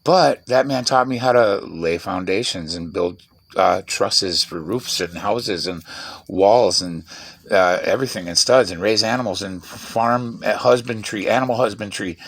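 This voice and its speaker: A man talking fast in a rambling, profane, digressive vlog monologue from his half-built shed at night. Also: lowish voice, fairly bright tone. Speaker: vlogger.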